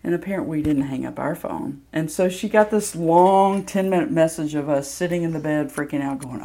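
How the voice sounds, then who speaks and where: A woman's voice: low-pitched, brisk, hardly any pauses, mellow. A woman from Mississippi, candidly telling a personal story with plenty of ums. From Mississippi, USA. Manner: candid, self-deprecating, loose with fillers.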